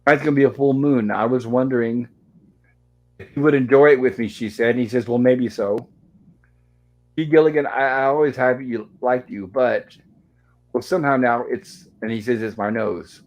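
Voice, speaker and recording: In a chatty, storytelling way, a man hosting a casual online show goes over an old sitcom episode and reads out the characters' lines. He speaks at a moderate pace in a medium-pitched, slightly mellow voice, with the highs cut off in the audio.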